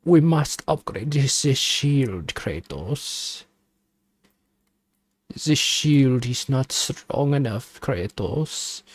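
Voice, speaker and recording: A man voicing a scheming, pushy character with a mock German accent, speaking in slow, stiff, formal sentences. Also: mid-range voice, animated, dry recording, heavily acted. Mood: insistent.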